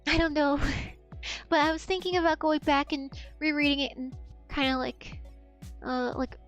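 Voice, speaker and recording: A woman in her twenties talks to her stream chat in a loose, rambling way, swearing freely and laughing as she drifts off track. Her voice sits high. Faint music plays underneath. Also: steady tone, normal speed, fairly bright tone. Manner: rambling, profane, loses her train of thought; laughs often.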